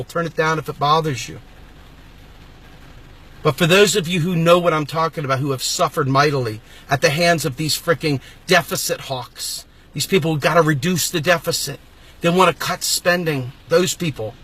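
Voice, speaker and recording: Angry guy ranting at the camera, high-pitched and forceful, preaching hard. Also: moderate pace, long pauses, slightly rough. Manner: angry, preaching, emphatic, sometimes shouting. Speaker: host of a political video channel. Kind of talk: impassioned political rant to camera.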